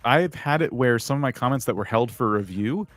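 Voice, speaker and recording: A man co-hosting a live stream, giving calm, direct advice to creators. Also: mid-range voice, fairly quick, no echo. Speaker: co-host giving channel advice.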